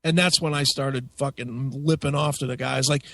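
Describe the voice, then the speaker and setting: Profane, animated male radio host. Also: medium pitch, normal speed, hardly any pauses. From United States. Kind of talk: casual chat.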